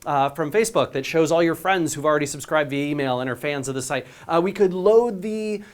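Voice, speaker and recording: A man giving a conference presentation as a company CEO. He talks with energy, often asks the audience "right?" and restarts his phrases quickly. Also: a little high. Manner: many quick restarts and repeated words.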